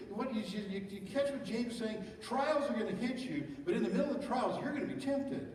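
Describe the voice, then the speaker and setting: Brief: middle-aged male pastor, fairly high voice, chatty sermon full of rhetorical questions, distant mic in a reverberant church hall. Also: brisk, hardly any pauses, a little mellow, a little hiss or hum. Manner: conversational preaching with rhetorical questions. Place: church sanctuary. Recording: echoey church hall from far off.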